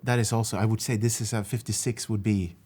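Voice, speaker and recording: Excitable male co-host reacting. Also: lowish voice, quick pace, background noise. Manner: enthusiastic, laughs often, excitable. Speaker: public speaking analyst, co-host. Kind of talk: video reaction and analysis chat.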